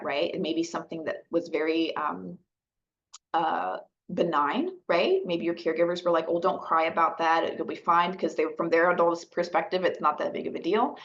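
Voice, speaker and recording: A woman outreach specialist giving a gentle, conversational educational talk, often checking in with her listeners. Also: lowish voice, highs cut off. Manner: gentle, conversational, frequent "right?" and "okay?" checks.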